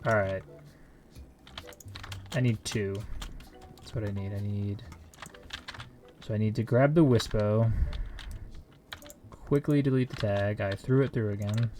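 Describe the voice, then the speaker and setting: A man's voice: on the low side, unhurried, long pauses, dark tone, a little hiss or hum. Man muttering frantic game commentary. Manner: talks to himself, frantic exclamations and silly mild curses. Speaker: streamer. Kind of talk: casual live gameplay commentary.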